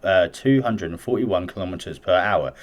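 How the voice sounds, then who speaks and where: A man's voice: sits low, normal speed. A man hosting a casual show, reading news stories aloud and reacting bluntly, swearing freely between the lines. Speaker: host.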